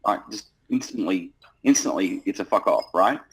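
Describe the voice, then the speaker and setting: Male sales coach, low voice, blunt and sweary, lively delivery. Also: normal speed, breathy edge, rough recording. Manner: blunt, profane, animated. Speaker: sales trainer. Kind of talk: casual coaching talk.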